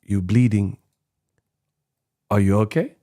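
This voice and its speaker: An earnest foreign boxer offers an awkward apology in a low, subdued voice, as a man mimics him. He speaks slowly in broken phrases, pausing on long ums. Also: animated, mellow. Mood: deadpan apology.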